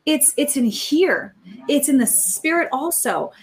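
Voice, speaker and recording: Brief: high-pitched woman guest, animated storyteller, quick restarts. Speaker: podcast guest. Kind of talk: casual chat, storytelling.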